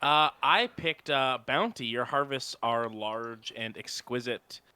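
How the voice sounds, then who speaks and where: Bright, smooth-voiced man musing. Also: medium pitch, takes it slowly, no echo. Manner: musing, thinking out loud. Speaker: player in a tabletop game. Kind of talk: casual chat.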